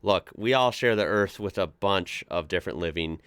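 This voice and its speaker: An American man hosting a casual reaction video, chatty and quick to laugh as he reads posts aloud. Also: low-pitched, a bit bright, clear, resonant tone, dry recording. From United States. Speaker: reaction channel host.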